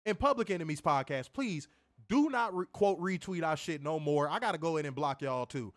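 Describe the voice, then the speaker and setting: Angry male co-host, high voice, profane heated rant on a stream. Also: animated, fairly quick. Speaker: wrestling show co-host.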